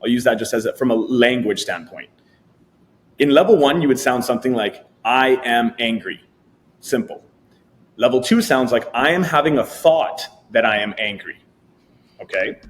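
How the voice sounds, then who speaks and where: A man appearing as a coaching guest who explains a thinking technique with animated delivery, acting out voices in his examples. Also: medium pitch, moderate pace.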